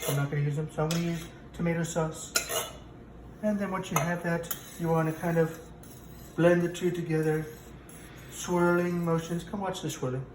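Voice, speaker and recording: A man whose voice runs a little high, sounding close to everyday speech, plays a boastful, rambling president hosting a parody cooking show. He contradicts himself as he brags from a home kitchen. Background noise, room echo and a distant mic shape the recording.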